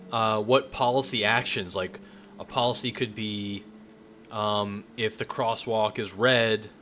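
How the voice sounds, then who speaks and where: Low-voiced man giving a loose lecture. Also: fairly bright tone, a little hiss or hum. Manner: loose and conversational, checks in with "right?", frequent restarts. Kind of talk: informal lecture.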